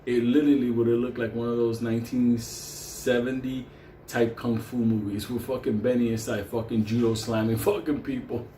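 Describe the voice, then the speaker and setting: A man's voice: mid-range voice, steady tone, normal speed, mellow. Profane New storyteller man, roomy sound. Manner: crude, rambling, laughs often. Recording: roomy echo with faint hum.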